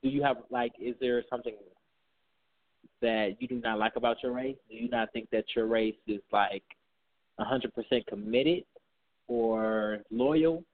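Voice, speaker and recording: A man's voice: medium pitch, steady tone, measured pace. Rambling man host on a phone-like line. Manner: rambling, searching for words. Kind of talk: casual talk show questions. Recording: phone-like narrow sound.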